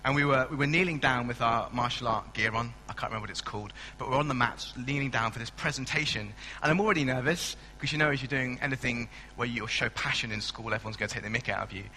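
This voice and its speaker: A man's voice: medium pitch, fast talker, few pauses, pushed and bright, slight background noise. A man preaching a sermon in a church hall on a stand mic, chatty and self-mocking as he tells stories. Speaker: pastor.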